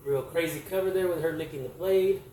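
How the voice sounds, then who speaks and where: A man's voice: on the high side, a little fast, dark tone. A man casually showing his comic collection on camera, rambling with many fillers and self-corrections. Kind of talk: casual show-and-tell vlog. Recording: roomy echo, distant mic, faint hiss.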